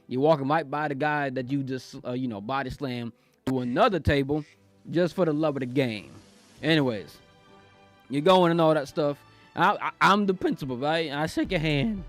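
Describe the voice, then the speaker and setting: Young man, streamer, lively bouncing pitch, dry close sound, giggly and slangy, faint music behind. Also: moderate pace, no echo. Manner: excitable, giggly, slangy, keeps saying "bro". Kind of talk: casual live-stream chat.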